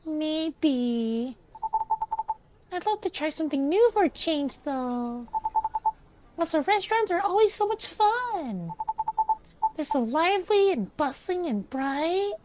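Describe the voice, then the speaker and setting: A woman putting on a high, timid little girl. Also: very animated, slow, long pauses, background noise, heavily acted. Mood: wistful. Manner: high childlike voice, timid and self-doubting. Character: shy anxious young girl about nine.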